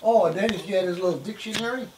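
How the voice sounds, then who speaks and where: An older man telling family stories in a casual chat, animated and profane. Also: high-pitched, racing, a crowd in the background. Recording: echoey room.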